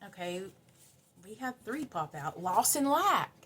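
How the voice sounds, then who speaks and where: A woman's voice: mid-range voice, very animated, unhurried, noisy background. A woman doing a spiritual tarot card reading for her viewers, earnest and emotional, repeating key words for emphasis. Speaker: tarot reader.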